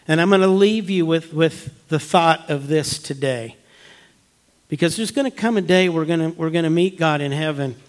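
A male pastor delivers a storytelling sermon in church. His voice sits somewhat high for a man. He drops to near-whispers for tense moments and lifts into loud, urgent appeals. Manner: storytelling, swings from hushed to emphatic.

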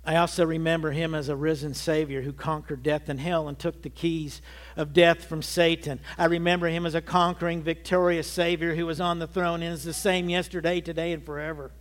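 A man's voice: on the high side, flat delivery, brisk. A man in his early sixties preaching a sermon, giving an earnest personal testimony that builds to emphatic peaks. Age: 60s. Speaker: pastor.

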